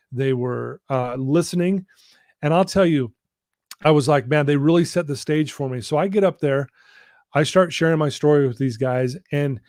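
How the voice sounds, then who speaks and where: Earnest man telling a story, slightly high. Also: a little mellow, dry recording, clean studio sound. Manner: earnest, drawn-out emphasis on key lines. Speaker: guest, personal-development coach. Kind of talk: storytelling in a live interview.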